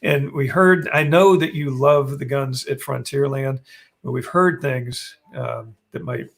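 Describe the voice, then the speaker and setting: A man's voice: medium pitch, steady tone, unhurried, creaky, a bit bright. A man co-hosting a casual live stream, rambling and restarting sentences as he talks through what's on screen, his voice worn and fading. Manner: rambling, restarts sentences, narrates what he's doing on screen. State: losing his voice.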